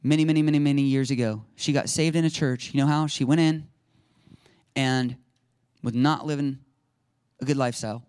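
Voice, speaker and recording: Man preaching an animated sermon, dry sound. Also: mid-range voice, moderate pace, pauses often, clean tone, no echo. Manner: storytelling, animated and conversational. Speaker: pastor. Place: church sanctuary.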